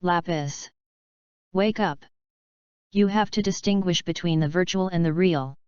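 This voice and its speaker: Angry stern father for a storybook read, woman narrator voicing, clear voice, dull lo-fi sound. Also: lowish voice, a little slow, a little mellow, no echo, natural voice. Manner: commanding, roaring. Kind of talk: audiobook reading.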